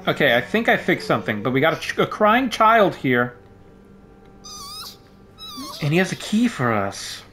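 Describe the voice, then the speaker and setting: A man's voice: fairly high pitch, very animated, normal speed, long pauses, a bit bright. A man giving playful, jokey commentary while playing a game at home, yelping when startled. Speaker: gaming YouTuber. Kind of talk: casual let's-play commentary. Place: home room. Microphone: desk microphone.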